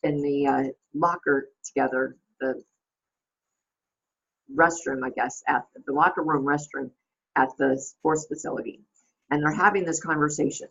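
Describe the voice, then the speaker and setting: A woman's voice: low voice, fairly even intonation, moderate pace, gravelly, lo-fi sound. A woman hosting a casual reflective monologue, rambling with many fillers and restarts. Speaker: host.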